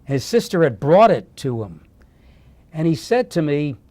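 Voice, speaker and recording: An older man tells a story in a slightly higher than usual voice, recorded dry and close with no room sound. He pushes his pitch up sharply whenever he quotes someone. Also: a little slow, dry recording. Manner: animated, lifts his pitch when quoting others. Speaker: guest storyteller. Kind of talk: conversational storytelling.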